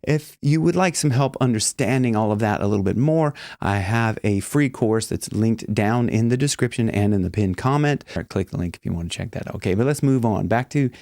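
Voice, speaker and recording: A man coaching singing in a casual lesson, breaking into loud, throaty sung and shouted demonstrations between explanations. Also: lowish voice, brisk, hardly any pauses, no echo, studio quality. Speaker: vocal coach.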